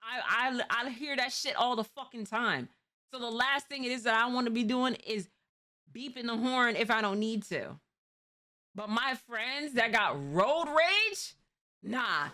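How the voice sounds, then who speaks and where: A woman's voice: on the high side, animated, unhurried, sharp tone. A woman from New York, hosting a stream and chatting casually about driving in a rambling, slangy way. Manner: rambling, slangy, many restarts. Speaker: streamer host.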